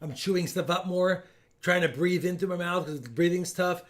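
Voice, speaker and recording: A man hosting a casual live stream, joking with viewers and loudly counting down giveaways. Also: high voice, normal speed.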